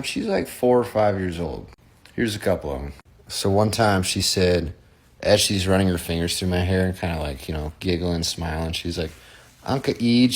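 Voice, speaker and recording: A man's voice: lowish voice, fairly bright tone. A man, an uncle, telling a story in a laid-back, swearing, amused way. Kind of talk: casual storytelling.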